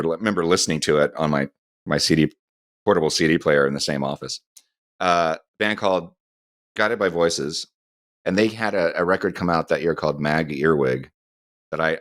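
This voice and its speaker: A man's voice: rumbling low, fairly bright tone, no room sound, studio quality. A middle-aged man co-hosting a podcast, meandering through an anecdotal story in casual chat. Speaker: podcast co-host.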